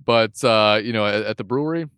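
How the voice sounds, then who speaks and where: A man's voice: lowish voice, fairly quick, a bit bright, clean tone, no room sound, clean studio sound. A man co-hosting a podcast in casual chat, easygoing and laughing a lot. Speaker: podcast co-host.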